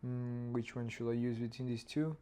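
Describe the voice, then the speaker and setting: A man's voice: mid-range voice, steady tone, moderate pace, warm tone, slight background noise. A man, thinking aloud as he animates and mimicking a dog's barks. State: hoarse throat. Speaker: animator streaming his work. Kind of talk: casual narrated work session.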